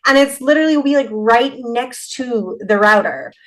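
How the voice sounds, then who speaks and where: A middle-aged woman talking as a podcast guest in a relaxed, rambling way, with many restarts and trailing clauses. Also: on the high side, normal speed, rough recording. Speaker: haunted rental owner, podcast guest. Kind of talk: casual interview chat.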